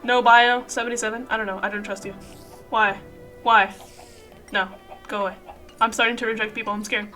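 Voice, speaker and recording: High, bright-voiced woman streamer. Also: level tone, fairly quick, pauses often, soft background music. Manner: dramatic, swings from mumbling to shrieking. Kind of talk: live gaming stream chat.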